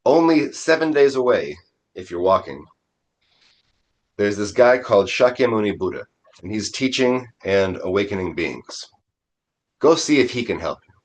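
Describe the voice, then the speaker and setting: Indra as a plain-spoken male god giving frank advice in a told tale, with a deep, low voice, as a man puts him on in his own everyday tone. Raised a little above the teller's usual pitch but still low. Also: sing-song, normal speed, pauses often. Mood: advising. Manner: casual, blunt, modern phrasing.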